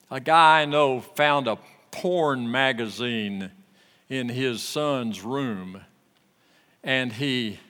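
Slow, bright-voiced older preacher in a reverberant hall. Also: male voice, medium pitch. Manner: slow, folksy storytelling with rising emphasis on quoted lines. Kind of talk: sermon.

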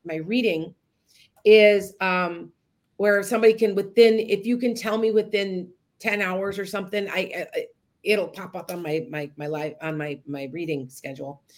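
A woman talking casually to her podcast listeners, wandering from point to point. She restarts her sentences often and keeps addressing the audience directly. Her pitch sits in an ordinary middle range. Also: steady tone, normal speed. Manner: rambling, with many restarts and asides to listeners. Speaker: podcast host and psychic medium. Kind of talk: casual storytelling monologue.

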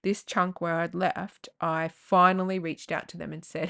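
A woman hosts a candid personal podcast in a lowish, gravelly voice full of vocal fry. She rambles frankly, swears now and then, and circles back through tangents and fillers. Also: steady tone, a little fast, hardly any pauses, fairly bright tone. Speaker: podcast host.

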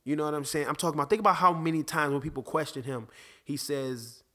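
A man hosting a podcast, talking casually about faith and fatherhood, animated, with many restarts. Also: on the high side, fast. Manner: animated, restarts often, acts out conversations. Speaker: podcast host.

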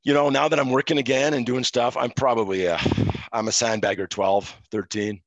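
A middle-aged man from Quebec, a former referee, telling stories in a relaxed interview with many fillers. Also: medium pitch, fairly quick, dry recording, muffled recording. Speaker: podcast guest, former hockey referee. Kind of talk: casual interview storytelling.

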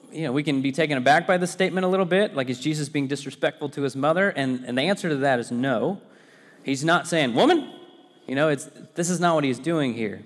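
A man in his thirties delivers a chatty sermon, weaving personal anecdotes into Bible teaching, with a slightly high-pitched voice. He stumbles and restarts often in a loose, conversational way. The sound rings with the long reverb of a large hall. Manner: conversational, anecdotal preaching with frequent fillers and restarts. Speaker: pastor.

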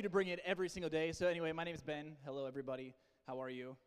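A young man with a fairly high voice gives a playful, teasing pep talk to a room of teen volunteers. His voice rings with a long reverb in a large indoor hall. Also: rapid-fire, few pauses, smooth. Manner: playful teasing, loud and coaxing. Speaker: camp leader training teen volunteers. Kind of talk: energetic pep talk to a group.

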